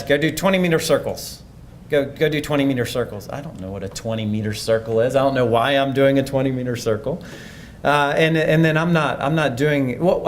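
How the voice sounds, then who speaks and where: There's a touch of hiss or hum as a man with a mid-range voice delivers a conference presentation. Thoughtful and conversational, he keeps beginning his sentences again.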